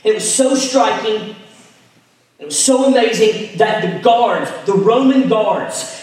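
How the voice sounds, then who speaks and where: A man preaching a sermon, retelling a scripture story, dropping to hushed tones and rising to emphatic ones. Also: sits high, normal speed. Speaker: pastor. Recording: echoey hall, mic at a distance.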